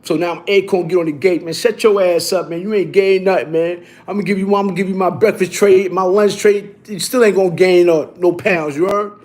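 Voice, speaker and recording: Guy with a high voice telling a wild story, cussing, repeats himself a lot. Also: fairly quick, hardly any pauses. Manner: animated, profane street talk with many restarts and repeats. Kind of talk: casual storytelling to camera.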